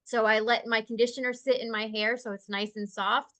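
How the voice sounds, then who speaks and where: A woman with a bright, slightly raised voice tells a personal story in a casual, conversational way. She is animated and expressive and laughs easily. She slows and softens when she turns to calmer thoughts. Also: fairly high pitch. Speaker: guest sharing a spiritual experience.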